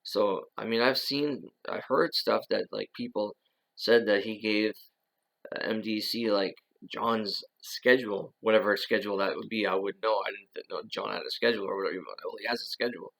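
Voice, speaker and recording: A man's voice: on the low side, normal speed, vocal fry, fairly bright tone, rough recording. A man talking on his own in a loose, rambling monologue, full of "uh" and "you know" and restarted sentences. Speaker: channel host. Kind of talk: casual monologue.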